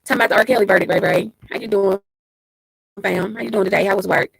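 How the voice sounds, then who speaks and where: A woman's voice: medium pitch, fast, vocal fry, slightly rough, dry recording, low-quality recording. A woman hosting a casual livestream, reading out viewer comments and greeting them by name. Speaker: livestream host.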